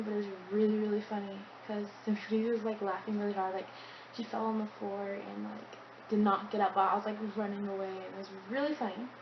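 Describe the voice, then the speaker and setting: A teenage girl answering Q&A questions hesitantly, full of fillers, in quick bursts. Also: medium pitch, muffled recording, background noise. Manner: hesitant, filler-heavy, speeding up. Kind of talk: casual Q&A chat.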